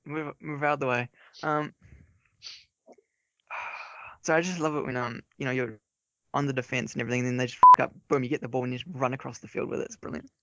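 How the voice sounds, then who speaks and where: A man's voice: mid-range voice, fairly even intonation, fairly quick, long pauses, sharp tone, no room sound. A man, co-hosting a casual podcast chat and making dry joking asides. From New Zealand. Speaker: podcast co-host. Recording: dull lo-fi audio.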